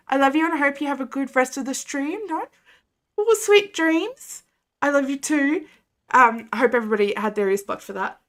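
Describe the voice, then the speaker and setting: A woman's voice: on the high side, pushed and bright. A woman chatting casually with her viewers while playing a game, rambling and giggly. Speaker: game streamer. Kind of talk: casual live-stream chat while playing. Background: faint game music.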